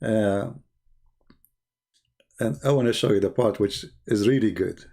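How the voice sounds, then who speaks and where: A man's voice: lowish voice, a little slow, gravelly, mellow. A man with giving mocking, sarcastic commentary on video clips. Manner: sarcastic, repeats words for effect, non-native phrasing.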